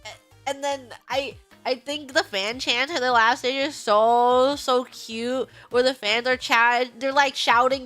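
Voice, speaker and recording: A woman streamer in casual livestream chat, excitable and rambling, humming bits of songs between thoughts. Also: high-pitched, a little slow, soft background music. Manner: excitable, rambling, hums song snippets.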